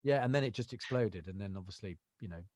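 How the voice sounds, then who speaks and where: Man telling stories in a low voice. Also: fast talker, mellow, no echo, studio quality. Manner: rambling anecdotal storytelling, lots of fillers. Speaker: actor and voiceover artist, guest. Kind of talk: casual interview chat.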